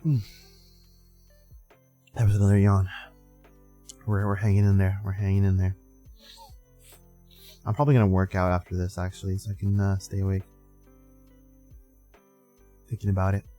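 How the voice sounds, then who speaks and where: A man's voice: low-pitched, level tone, moderate pace, long pauses, mellow, soft background music. A man in his twenties hosting a live stream, chatting casually, sleepy and rambling with frequent laughs. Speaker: streamer host.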